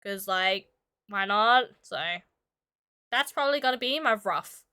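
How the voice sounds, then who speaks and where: A woman's voice: medium pitch, lively intonation, unhurried, bright, forceful tone, clear, resonant tone. A woman streamer chatting casually with her audience while drawing, giggly and full of filler words, sick and coughing now and then. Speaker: streamer and illustrator.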